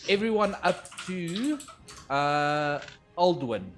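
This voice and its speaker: A man narrating as game master, unhurried, often pausing on "uh" as he sets scenes and calls for rolls. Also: high-pitched, lively intonation, a bit bright, faint music behind. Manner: unhurried, with frequent "uh" pauses.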